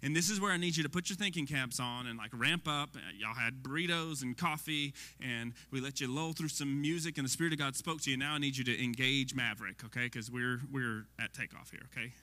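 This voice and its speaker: A man preaching a sermon in a lively, conversational way, often asking the audience questions. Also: medium pitch, brisk, few pauses. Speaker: pastor. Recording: long hall reverb.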